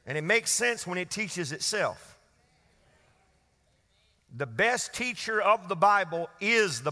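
A man preaching a Wednesday sermon, his high voice carrying over a congregation he calls on to answer him. His tone is bright and forceful, and a long reverb from the church hall trails each phrase. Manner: preaching to a congregation, call-and-response. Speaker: pastor.

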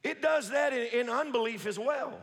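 A man's voice: extremely high pitch, fairly bright tone. A man preaching a sermon in a church, emphatic and repetitive, firing rhetorical questions and leading the congregation to repeat lines after him. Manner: emphatic, repetitive, leads the congregation in call-and-response; quick rhetorical questions and restarts. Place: church sanctuary. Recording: reverberant church hall.

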